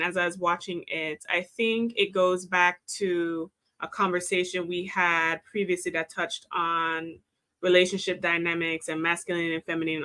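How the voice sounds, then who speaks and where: A woman's voice: lowish voice, sharp tone. A woman on a discussion panel who lectures other women listeners directly.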